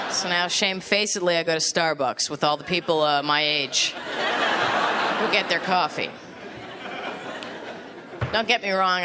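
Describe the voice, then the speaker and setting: On stage at a large music venue, a woman comedian with a fairly low voice performs a sardonic, self-deprecating stand-up set before a live audience. The live stage recording is full of loud crowd noise, laughter and applause.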